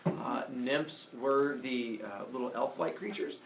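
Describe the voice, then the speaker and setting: A man casually retelling a myth as a comedy story, animated, with jokey asides and lots of fillers. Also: mid-range voice, unhurried, creaky, background noise. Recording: echoey room, mic far off.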